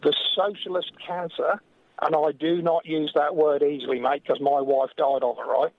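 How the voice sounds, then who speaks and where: An English man calls in to a talk radio show, his voice sitting a touch high and coming through a thin, phone-like line. He speaks earnestly and with deep feeling, and the audio is dry and close. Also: fairly even intonation, no echo. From England. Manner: earnest, impassioned, slows when emotional. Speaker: caller. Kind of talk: call-in radio.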